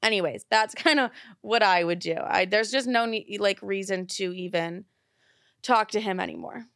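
A woman's voice: medium pitch, moderate pace, fairly bright tone, dry recording. Young female podcast host, blunt and foul-mouthed, rambling delivery, dry close sound. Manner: blunt, profane, rambling with many fillers. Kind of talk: casual advice podcast.

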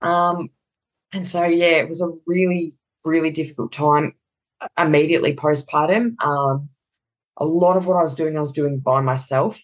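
A woman's voice: low voice, normal speed, low-quality recording. A woman in her thirties with an Australian accent, a guest in an interview, candidly recounting a hard personal story and acting out what she thought and said along the way. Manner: animated retelling with quoted inner dialogue.

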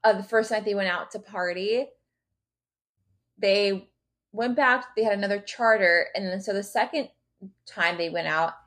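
A woman's voice: mid-range voice, moderate pace, pauses often, a bit bright. A woman co-hosting a laid-back chat show, spinning gossipy stories with plenty of swearing. Her delivery is loose and conversational, full of fillers and asides. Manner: gossipy storyteller, swears freely. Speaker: podcast co-host. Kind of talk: casual chat.

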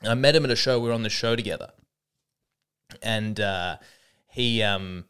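A man around thirty with an Australian accent, a comedian hosting a podcast, telling stories in a rambling, animated way with lots of restarts. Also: on the low side, moderate pace, clear, resonant tone. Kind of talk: casual comedic monologue.

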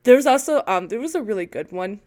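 A young woman from Illinois co-hosting a casual podcast, telling animated stories with swearing and laughter into a podcast mic. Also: fairly high pitch, a little fast. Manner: animated storytelling with profanity and laughter. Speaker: podcast co-host. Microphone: podcast microphone.

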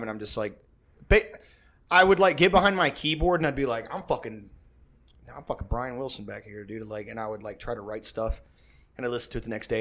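A man's voice: mid-range voice, a bit bright. A man telling a rambling, profane story in casual chat, acting out his own quotes along the way.

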